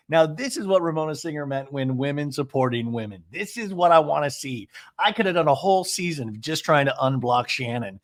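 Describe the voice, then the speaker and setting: A man hosting a comedic TV recap podcast, animated and giggly, rambling into confessional asides. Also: a little high, fairly quick, few pauses. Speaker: podcast host.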